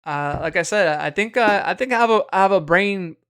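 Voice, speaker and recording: A man's voice: high voice, brisk, a bit bright, clear, resonant tone, faint music behind. A man streaming a video game, chatting casually, rambling and swearing at the game, with chuckles. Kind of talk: casual live-stream chat.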